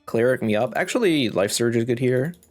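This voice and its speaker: This gaming video host is a congested man with a medium-pitched, animated voice who talks a little fast. He casually comments on his game as he plays, thinking aloud and chuckling, with faint music behind him.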